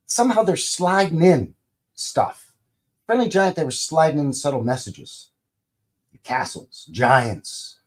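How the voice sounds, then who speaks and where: Hosting a live stream, a middle-aged Canadian man chats casually, rambling and folksy, with many fillers and restarts. His voice is medium in pitch and a little mellow.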